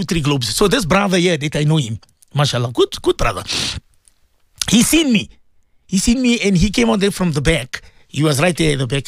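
A man's voice: a little high, no echo, clean studio sound. A man hosting a religious radio talk, telling a story and urging listeners, often repeating his phrases and dropping in Urdu and Arabic words. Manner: emphatic, preaching exhortation. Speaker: radio presenter and imam. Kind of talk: radio talk with Islamic advice.

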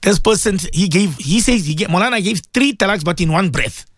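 A man's voice: high voice, expressive, a little fast, a bit bright, dry recording, studio quality. A man hosting an Islamic radio show, preaching with passion, asking rhetorical questions and repeating himself for emphasis. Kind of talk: impassioned religious radio talk.

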